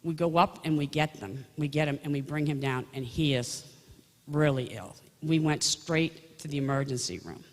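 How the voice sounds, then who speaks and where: Telling her personal faith story conversationally, a woman frequently restarts sentences as she speaks. Her voice sits low at a moderate pace, and the recording carries a large hall's long reverb.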